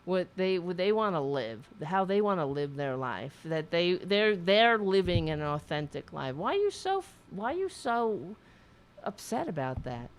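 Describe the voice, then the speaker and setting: A woman's voice: on the low side, sing-song, moderate pace. Woman hosting a talk show, blunt and sweary, voice jumps up and down a lot, keeps restarting her sentences. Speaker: host of a political talk show. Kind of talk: casual political talk with a caller.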